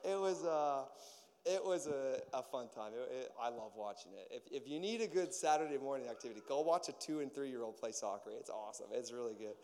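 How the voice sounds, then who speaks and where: Animated pastor in a reverberant hall. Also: male voice, mid-range voice, a little fast. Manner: animated storyteller, acts out voices, many fillers. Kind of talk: casual sermon with personal stories.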